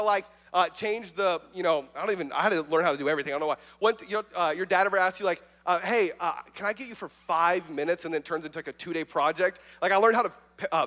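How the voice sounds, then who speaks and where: A young man preaches to a youth service in an easy, joking way, dropping likes and fillers as he goes. His voice sits high, and it carries with a long echo through the church hall. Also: bright, forceful tone. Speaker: youth pastor. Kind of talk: youth sermon.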